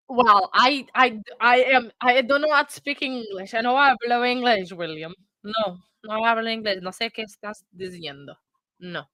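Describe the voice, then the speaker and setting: A woman's voice: fairly high pitch, pushed and bright, no room sound. Chatty woman hosting a live stream. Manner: chatty and rambling, laughs often. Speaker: livestream host. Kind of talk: casual live-stream chat.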